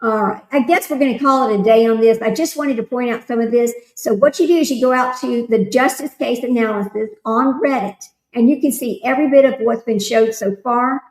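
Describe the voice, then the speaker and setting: Woman host, slightly high voice, loose chatty livestream talk, roomy echo. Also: brisk, few pauses, darkish tone. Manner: reads aloud, then chats loosely with viewers. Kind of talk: casual livestream commentary.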